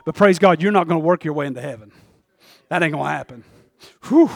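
Man, preacher, high voice, dry sound, calls for amens. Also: fast, creaky, no echo. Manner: animated preaching, swinging from shouts to hushed asides. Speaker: pastor. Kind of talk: sermon.

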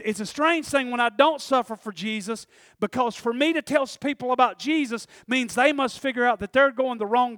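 A man's voice: very high-pitched, fairly bright tone, no room sound, studio quality. A man preaching a folksy, conversational sermon, often checking in with the congregation.

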